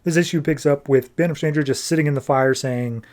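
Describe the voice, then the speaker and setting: A man hosting a podcast, recapping a comic book issue in a chatty, casual way with quick asides. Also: on the high side, darkish tone. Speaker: podcast host.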